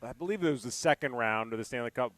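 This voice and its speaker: A man hosting a live sports radio show from a remote venue, chatting in an animated, rambling storytelling way. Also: medium pitch, fast, no room sound. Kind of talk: casual on-air chat.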